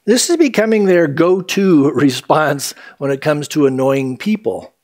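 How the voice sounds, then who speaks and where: A man preaching a sermon as pastor, animated and acting out the quotes in different voices. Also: fairly high pitch, unhurried.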